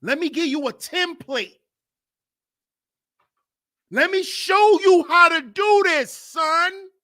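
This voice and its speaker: A man voicing a smooth-talking male devil who tempts with false friendliness. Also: very high voice, slow pace, bright, forceful tone, voice pushed up, full character voice. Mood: coaxing.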